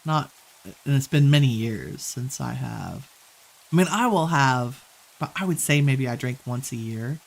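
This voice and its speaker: A man chatting in a relaxed, rambling way while streaming a game, laughing easily. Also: mid-range voice, measured pace, vocal fry, low-quality recording. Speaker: gaming streamer. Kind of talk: relaxed gameplay chat.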